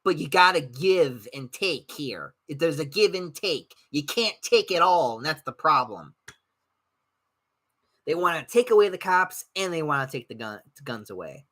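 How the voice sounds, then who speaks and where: A man's voice: on the high side, normal speed. A young man hosting a podcast, chatting casually and bluntly, swearing often and mocking people he disagrees with. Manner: blunt, profane, animated, mocks others in put-on voices. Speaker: podcast host reading live chat. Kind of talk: casual rambling chat.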